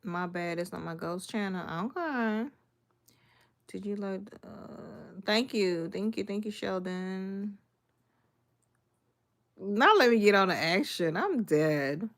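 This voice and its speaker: A woman's voice: mid-range voice, expressive, takes it slowly, long pauses. A young woman from Miami chatting casually on a livestream, reading comments and greeting viewers by name in a laid-back, sassy way. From Miami, Florida. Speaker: livestreaming cooking creator.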